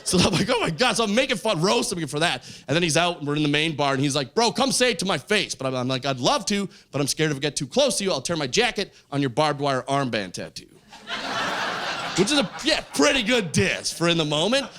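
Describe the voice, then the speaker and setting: Animated stand-up comic man. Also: fairly high pitch, a little fast. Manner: animated, acts out quoted voices loudly. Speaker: stand-up comedian. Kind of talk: stand-up storytelling. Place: comedy stage with a live audience. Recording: live club show, faint crowd noise.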